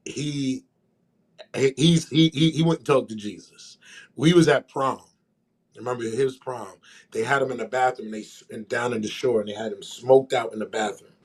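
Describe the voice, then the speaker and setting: A man co-hosting a podcast, telling stories in a casual, animated way and laughing as he goes. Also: medium pitch, moderate pace, slightly rough. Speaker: podcast co-host. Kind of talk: casual storytelling chat.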